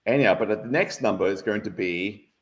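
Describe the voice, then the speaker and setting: A man's voice: lowish voice, a little fast. A man giving a live online maths lesson, explaining number patterns in an enthusiastic, playful way. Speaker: guest maths educator.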